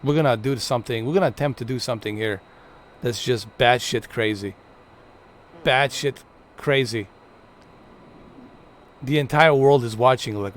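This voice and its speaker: A man's voice: mid-range voice, normal speed, long pauses. A young man casually commenting on his own live gameplay stream, joking, swearing and narrating in a mock-dramatic way.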